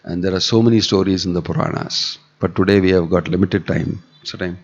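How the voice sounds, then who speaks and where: A man's voice: low-pitched, steady tone, fairly quick. A man giving a scripture discourse, telling the story animatedly and acting out the dialogue. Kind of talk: sermon. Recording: dull, echoey hall recording.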